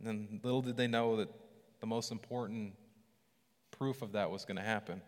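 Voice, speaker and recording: A man preaching a casual sermon, animated and conversational, acting out scripture with lively voices. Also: on the low side, normal speed, in a large hall.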